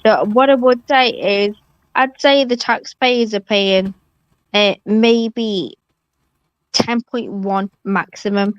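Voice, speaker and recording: A woman's voice: medium pitch, slow pace, no echo. A woman calling into a live stream in a heated debate, swearing freely and talking over the host, heard over a call line. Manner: fiery, swearing, talks over others. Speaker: caller. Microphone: remote call. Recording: dull lo-fi call audio.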